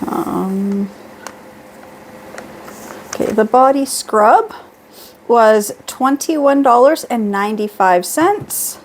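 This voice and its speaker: A woman's voice: fairly high pitch, expressive, very slow, pauses often, slight background noise. A middle-aged woman chatting casually at home through a beauty haul, reading prices and labels aloud. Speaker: beauty vlogger.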